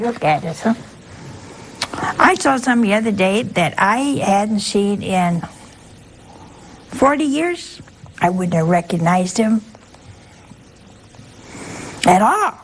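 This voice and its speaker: A woman's voice: mid-range voice, very animated, slow, long pauses, slight background noise, low-quality recording. Folksy older woman preaching. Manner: folksy, conversational, asks audience questions. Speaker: nun preaching. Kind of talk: informal sermon.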